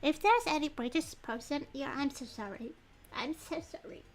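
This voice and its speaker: A woman streaming a detective game, chatting in a rambling, apologetic and excitable way as she reads clues and thinks out loud. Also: high-pitched, moderate pace. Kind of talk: casual livestream chat.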